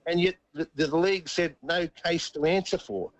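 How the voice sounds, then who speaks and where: A middle-aged Australian man, once a rugby league player, swaps stories as a guest in a casual interview, chuckling and repeating words along the way. His voice sits fairly high and moves at a moderate pace, and the recording is dry and dull.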